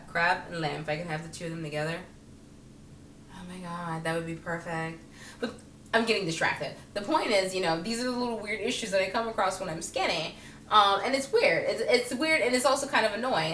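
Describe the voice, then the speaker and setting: A bright-voiced young woman talks to camera, telling funny stories and slipping into the voices of the people in them. She is picked up from a little way off in a room with plenty of echo. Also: mid-range voice, slight background noise. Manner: animated, acts out other people's voices, laughs often. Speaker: vlogger. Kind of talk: casual comedic storytelling to camera. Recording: echoey room, mic at a distance.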